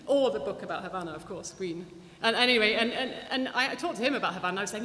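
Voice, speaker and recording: Female guest speaker, lively storyteller, echoey hall sound. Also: mid-range voice, fast talker, few pauses. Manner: chatty, animated, many restarts and fillers. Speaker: guest speaker at a public talk. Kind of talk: anecdotal lecture with audience Q&A. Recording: echoey hall, faint background noise.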